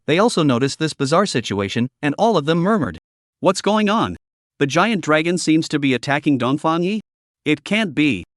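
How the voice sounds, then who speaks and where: A man narrating a fantasy comic story recap in a steady, even reading. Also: on the high side, dry recording, studio quality.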